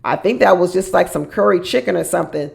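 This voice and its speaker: A woman's voice: fairly low pitch, animated, fast, creaky. A woman giving a chatty, casual recap of a reality TV show, laughing often and mimicking the people she quotes.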